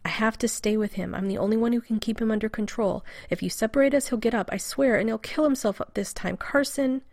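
A woman's voice: fairly high pitch, fast talker, a little mellow, no echo, clean studio sound. A woman reading a frantic, exhausted male scientist who rambles anxiously in a storybook reading.

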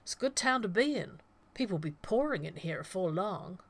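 A woman voicing a blustering small-town male bank teller in an audiobook, with a loud, high, drawling delivery. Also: animated, normal speed. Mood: boastful.

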